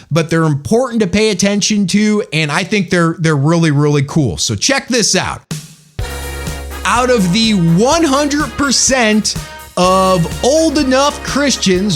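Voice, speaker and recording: A man's voice: sits high, expressive, measured pace, a bit bright, faint music behind. A man hosting a religious podcast, talking in an emphatic, folksy storytelling way. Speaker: podcast host.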